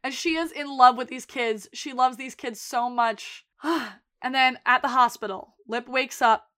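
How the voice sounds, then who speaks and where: A woman talks casually on a podcast, recapping scenes and slipping into quoted lines as she goes. Her voice sits a little on the high side. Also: unhurried. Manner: animated retelling with quoted voices. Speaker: podcast co-host. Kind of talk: casual chat recapping a TV episode.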